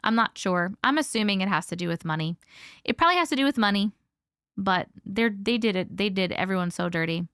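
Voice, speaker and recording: A woman's voice: mid-range voice, animated, a little fast, fairly bright tone, clean tone, no echo, clean studio sound. A woman hosting a live stream, chatting casually and rambling, swearing freely and thanking viewers by name as she reads their comments. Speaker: host of a live stream reading viewer stories.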